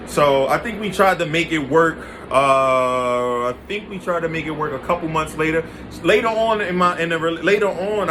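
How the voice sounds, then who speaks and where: A man's voice: fairly high pitch, a bit bright. A man casually telling stories about his past relationships, blunt, slangy and profane, often talking straight to his listeners. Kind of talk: casual storytelling to camera. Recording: faint background noise.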